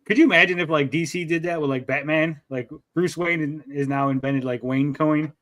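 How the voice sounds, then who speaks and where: A man hosting a casual livestream, reading a crowdfunding pitch aloud and breaking into crude joking asides. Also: brisk, fairly bright tone. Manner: reads promo text then breaks into crude joking asides. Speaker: livestream show host.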